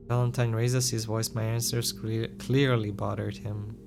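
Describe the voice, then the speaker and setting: A man's voice: lowish voice, flat delivery, a little slow, creaky, hardly any pauses. A man streaming a visual novel, reading its dialogue aloud in his own voice with small stumbles and reacting live. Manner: reads both the heroine and the villain's lines in his own voice, with small stumbles. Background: game music.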